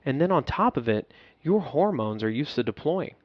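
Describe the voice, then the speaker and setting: Profane former soldier telling a story. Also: male voice, medium pitch, sing-song, moderate pace, dry recording, dull audio. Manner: profane, emotional, laughs at himself. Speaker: podcast guest. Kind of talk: candid storytelling.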